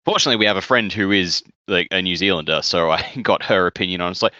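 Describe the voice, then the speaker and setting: A man's voice: sits low, quick pace, few pauses, bright, forceful tone, dry recording. An Australian man co-hosting a podcast in casual chat. He laughs easily, pokes fun at himself and swears casually. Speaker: podcast co-host. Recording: dry, slightly dull mic.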